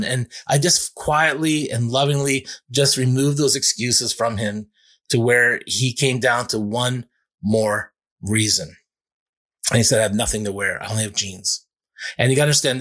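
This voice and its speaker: A man's voice: medium pitch, fairly bright tone. A male pastor preaching a sermon, telling a personal story in an earnest, conversational way with frequent restarts.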